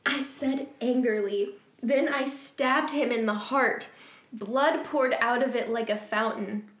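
A woman's voice: on the high side, slow. A woman co-hosting a comedy podcast, reading a fan fiction aloud and laughing often. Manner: amused, often breaks into laughter while reading. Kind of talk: comedic reading and casual chat. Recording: roomy echo.

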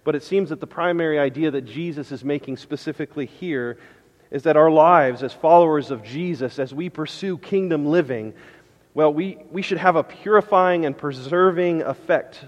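A man preaching a sermon as pastor, impassioned, moving from loud declarations to hushed pleading. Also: fairly high pitch, moderate pace, in a large hall, muffled recording. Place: church sanctuary.

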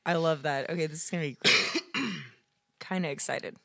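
A woman's voice: sits low, animated, vocal fry, bright, forceful tone, no echo, clean studio sound. A woman co-hosting a comedy podcast, bantering playfully, giggling and teasing. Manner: giggly, playful, quick to tease. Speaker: podcast co-host. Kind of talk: casual banter.

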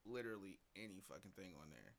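A man co-hosting a casual, profane podcast, telling animated stories and laughing often. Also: low-pitched, fast talker, vocal fry. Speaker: co-host. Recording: hissy noisy recording.

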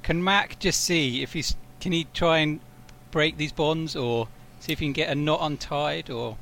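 A man's voice: on the high side, moderate pace, vocal fry, fairly bright tone, a little hiss or hum. A man playing a tabletop game, asking the game master tentative questions. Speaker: player. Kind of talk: casual tabletop play.

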